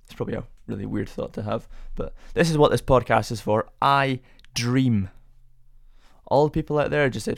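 A man's voice: medium pitch, normal speed, gravelly, no room sound, studio quality. A young man hosting a casual solo podcast, rambling through rhetorical questions with self-amused musing. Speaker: podcast host.

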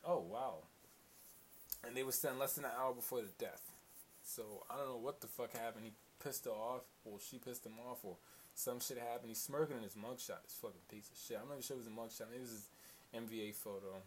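A man's voice: mid-range voice, steady tone, a little fast. Man, casual solo commentary, profane and rambling, faint hiss on the recording.

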